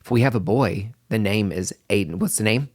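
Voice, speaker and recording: A male podcast host in casual chat, emotional and excitable, breaking into high exclamations and trailing restarts. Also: brisk.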